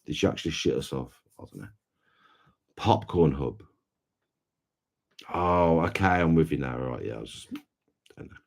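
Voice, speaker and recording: Very deep-voiced laid-back male streamer. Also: expressive, normal speed, creaky, pauses often, darkish tone, husky. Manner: laid-back, low-key, chatting with viewers. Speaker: streamer host. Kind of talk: casual live stream chat.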